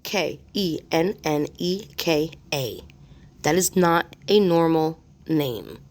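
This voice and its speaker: A woman's voice: low voice, lively intonation, slow pace, darkish tone. A woman hosting a spirit box session, thinking aloud in a hesitant, musing way. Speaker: host.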